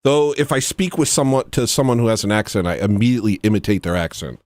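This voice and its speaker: A man's voice: on the low side, fast, darkish tone, dry recording, clean studio sound. A man hosting a livestream, rambling and joking in a self-mocking, comedic rant. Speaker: livestream host.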